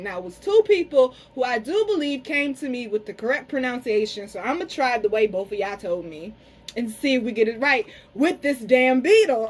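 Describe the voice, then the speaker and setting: A woman's voice: fairly high pitch, slightly rough, poor audio. Chatty, salty-mouthed woman reading cards. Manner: frank, chatty, curses freely, addresses viewers as y'all; slows down to pronounce some words carefully. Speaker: tarot and spiritual reader. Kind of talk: casual card reading to camera.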